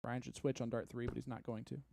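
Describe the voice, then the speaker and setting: A man's voice: medium pitch, flat delivery, creaky, mellow, a little hiss or hum. A man with a Midwestern American accent doing casual, joking commentary on a darts stream. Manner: quick, chatty and joking.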